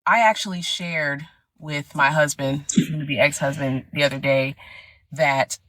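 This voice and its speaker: A middle-aged woman sharing her personal story with animated, emphatic conviction. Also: sits low, measured pace, dry recording. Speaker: guest. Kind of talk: personal testimony in conversation.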